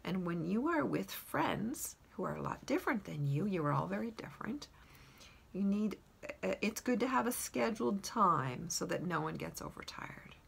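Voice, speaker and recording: A woman's voice: medium pitch, animated, normal speed, gravelly, fairly bright tone, slightly rough. A woman animal communicator casually retelling a session, acting out the dog's replies in a playful voice and laughing often. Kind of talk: casual storytelling of a reading.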